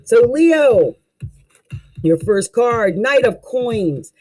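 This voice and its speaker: A tarot reader talks through a casual card reading with lively, swooping pitch and plenty of exclamations. The delivery is folksy and coaching, aimed straight at the listener, with faint music underneath. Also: extremely slow, poor audio.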